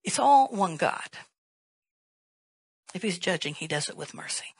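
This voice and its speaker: A woman's voice: lowish voice, big pitch swings, measured pace, breathy edge, dry recording, poor audio. A woman pastor preaching a sermon in an emphatic way, firing rhetorical questions and rising to a raised voice.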